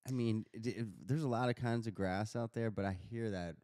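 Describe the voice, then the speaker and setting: Mellow low-voiced man, jokey and rambling. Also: fairly quick. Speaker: podcast co-host. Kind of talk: casual chat.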